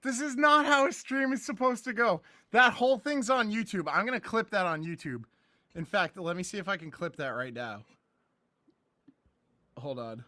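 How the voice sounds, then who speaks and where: Hyped young man shouting over a lucky pull. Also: sits high, normal speed, dry recording. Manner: excitable, shouts and laughs in bursts. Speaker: live-stream card seller. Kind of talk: live-stream pack opening. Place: indoors at a computer. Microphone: laptop camera mic.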